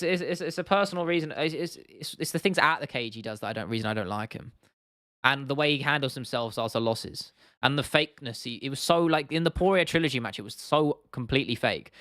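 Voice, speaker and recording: A man with a medium-pitched, fairly bright voice hosts an MMA livestream, casually responding to viewer comments. He rambles, swears often, and is full of restarts and filler words. The sound is dry and studio-clean.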